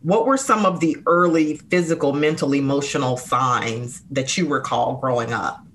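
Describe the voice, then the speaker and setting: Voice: mid-range voice, normal speed, a bit bright, slight background noise. An interviewer posing a careful question and then giving brief murmurs of agreement. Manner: short affirming backchannels.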